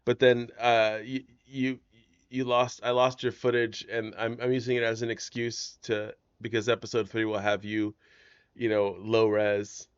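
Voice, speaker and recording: A man of middle pitch trades wry, deadpan jokes in relaxed podcast chat. His voice sounds slightly dull and lo-fi, recorded dry with no room echo. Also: a little slow, clear, resonant tone. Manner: wry, joking, dry asides.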